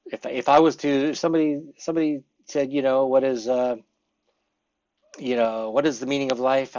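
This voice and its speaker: A man teaching English conversation to a class, acting out sample responses with lively changes of voice. He has lived in Korea for many years. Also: medium pitch, moderate pace, highs cut off. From English-speaking foreigner living in Korea. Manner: lively, acts out example responses. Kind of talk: classroom lecture.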